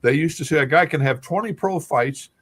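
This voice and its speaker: A man's voice: a little high, a little fast. A man hosting a sports talk radio show, eagerly chiming in and adding his own stories in a casual chat. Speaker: host.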